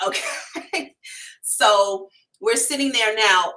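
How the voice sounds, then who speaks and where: A woman hosting a psychic livestream, telling a story to her viewers in a frank, animated way, swearing casually and addressing them directly. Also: mid-range voice, slow pace, pauses often, recorded from a distance, rough recording. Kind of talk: storytelling to a live audience.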